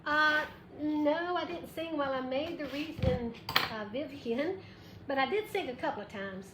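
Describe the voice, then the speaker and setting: A woman's voice: high voice, lively intonation, a little slow. A woman hosting a live craft tutorial, chatty and bubbly, greeting viewers by name and counting aloud as she works. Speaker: craft livestream host. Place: her craft shop. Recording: echoey room with background noise.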